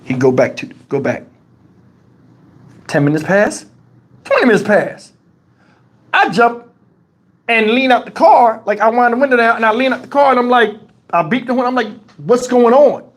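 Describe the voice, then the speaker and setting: A livestream host with a fairly high voice tells a casual story to his live chat at normal speed, with long pauses. He's loose, animated, and profane, jumping into the voices of the people he quotes. It sounds close-miked on a wireless lavalier.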